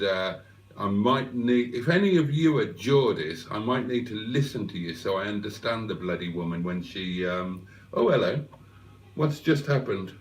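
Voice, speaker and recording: A man's voice: mid-range voice, roomy sound, far from the mic. A man hosting a live stream, chatting casually with viewers and rambling with fillers and asides. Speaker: livestream host. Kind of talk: casual live chat reading viewer comments.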